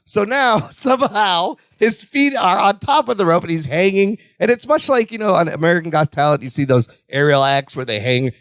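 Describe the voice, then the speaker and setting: High-voiced man recapping a sitcom. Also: normal speed, few pauses, no room sound, studio quality. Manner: animated retelling, acting out lines in raised voices. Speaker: podcast co-host. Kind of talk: casual chat recapping a sitcom episode.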